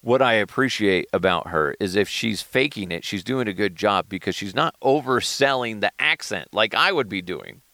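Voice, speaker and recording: Male solo podcaster, gravelly and animated, dry close sound. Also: on the low side, normal speed, few pauses, no echo. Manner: animated, profane, jumps between shouting and mumbling. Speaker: podcast host. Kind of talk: casual solo commentary.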